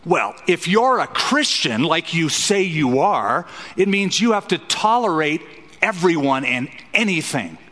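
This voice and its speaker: A man's voice: a little high, sing-song, unhurried, pushed and bright, big-room sound. A man preaching an expository sermon as a pastor, emphatic and fond of rhetorical questions.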